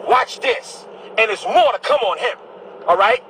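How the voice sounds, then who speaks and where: A bishop delivers a heated monologue straight to camera. This man's voice sits high and rings bright and forceful. He is combative and preachy, and he hammers the same phrases again and again. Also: lively intonation, moderate pace, a little hiss or hum, low-quality recording. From Brooklyn, New York.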